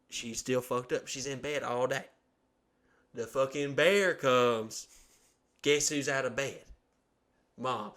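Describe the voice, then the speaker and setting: A man, from Alabama, hosting a podcast and telling a long story in a casual, profane way, acting out the voices of the people in it. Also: mid-range voice. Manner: profane, animated storyteller who acts out quotes. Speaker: podcast host.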